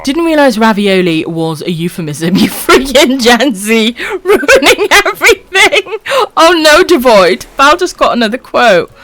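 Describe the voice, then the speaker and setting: Welsh woman streamer, animated pitch, affectionate, foul-mouthed, laughs a lot. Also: a little slow. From Wales. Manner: affectionate, swears freely, laughs often. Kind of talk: casual live-stream chat reading comments.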